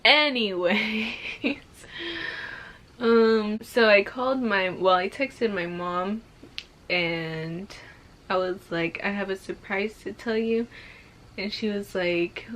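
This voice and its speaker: Against slight background noise, a pregnant young woman relates a personal story to her camera, voice medium-pitched and fairly bright. Her casual, slow delivery is full of fillers like "like," and she gets more emotional as she goes.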